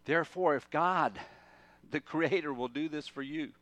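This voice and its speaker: A man preaching a sermon in a church, emphatic, repeating and restarting phrases, swinging between urgent loudness and quiet. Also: a little high, normal speed, dry recording.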